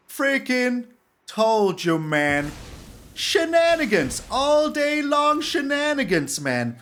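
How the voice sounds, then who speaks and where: A man giving excitable gameplay commentary on a card game, exclaiming and repeating words for emphasis. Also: extremely high pitch, unhurried. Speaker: streamer playing a card game.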